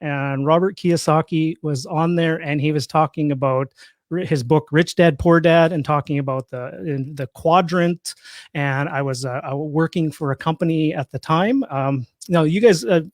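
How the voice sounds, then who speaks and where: A man's voice: a little high, normal speed, dry recording, studio quality. A man in his fifties with a Canadian accent, a guest in an interview who talks in a chatty, joking, self-deprecating way. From Saskatchewan, Canada. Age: 50s. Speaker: guest, real estate investor. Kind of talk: casual interview talk.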